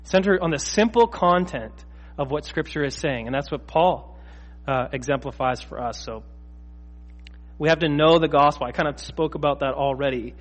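A man preaching in a church, his slightly higher voice carrying with a long reverb around the sanctuary. He is earnest and emphatic and hammers his points home by repeating them. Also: moderate pace. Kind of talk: sermon.

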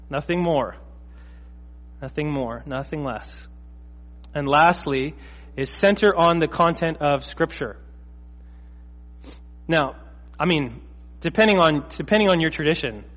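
A man's voice: on the high side, long reverb tail. A man preaching a sermon, earnest and emphatic, who repeats his key phrases for effect.

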